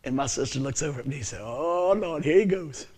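This is a preacher in his fifties with a notably high voice. He tells his story in a folksy, animated way. He shifts between near-whispers and loud, ringing declarations. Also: brisk. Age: 50s. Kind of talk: sermon storytelling.

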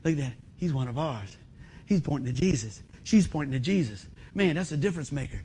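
A middle-aged man preaching a sermon in a folksy, animated way, acting out other people's voices. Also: a little high, a little fast, a little hiss or hum. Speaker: pastor.

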